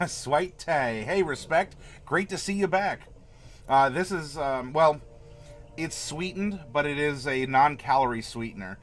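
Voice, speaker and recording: Chatting casually with his viewers and reading their comments, a livestream host from Florida rambles in a friendly way and laughs a lot. His fairly high-pitched voice is a bit bright, and his pace is a little slow.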